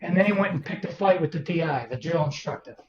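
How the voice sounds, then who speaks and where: An older man from Boston, Massachusetts, appears as an author guest in a storytelling interview, speaking fast in a fairly high voice. He tells anecdotes with animation and acts out the people he quotes. The recording sounds roomy, distant and dull, with a crowd in the background.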